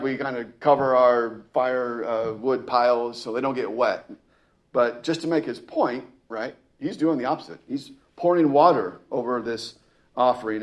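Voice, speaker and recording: A man reading scripture aloud with emphasis and explaining it in a conversational way, often asking "right?" and restarting his phrases. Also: medium pitch. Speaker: Bible teacher. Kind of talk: scripture reading with casual commentary.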